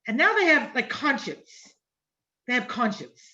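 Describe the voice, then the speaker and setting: A woman's voice: sits high, sing-song, measured pace, pushed and bright. A middle-aged woman teaching an online Torah class in a conversational manner, repeating phrases and checking in with the listeners. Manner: conversational, repeats phrases and asks "right?" often. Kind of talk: informal lecture. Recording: dull lo-fi online class audio.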